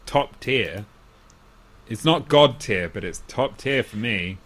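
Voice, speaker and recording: A man's voice: lively intonation, slow. A man co-hosting a casual chat about a comedy film, amused and often laughing. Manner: amused, acts out quoted lines in loud squeaky voices. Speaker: podcast co-host.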